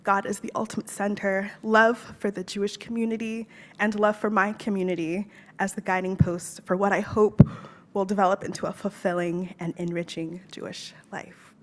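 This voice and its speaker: A woman's voice: medium pitch, little pitch movement, moderate pace. A woman reading an earnest, heartfelt personal statement in a synagogue as she converts to Judaism. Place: synagogue sanctuary.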